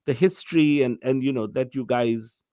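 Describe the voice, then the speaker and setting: A man from India, a comedian guest telling stories in a giggly, animated way over a video call. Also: mid-range voice, moderate pace, dry recording, studio quality. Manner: chatty storyteller, giggling, animated. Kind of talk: casual chat.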